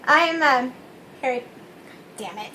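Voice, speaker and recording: A young woman co-hosting a casual chat, goofy and quick to laugh and slip into silly voices. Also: high-pitched, lively intonation, bright, forceful tone, a little hiss or hum. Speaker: co-host.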